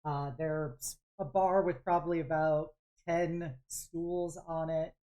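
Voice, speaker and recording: A woman's voice: sits low, level tone, takes it slowly, warm tone. A woman game master narrating a tabletop game, describing scenes in a rambling way full of fillers.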